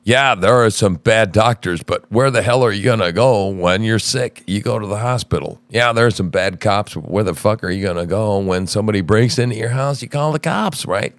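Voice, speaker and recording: A man's voice: on the low side, no echo. A man hosting a podcast from his home in the woods, telling a rambling, profane story in casual chat. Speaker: podcast host.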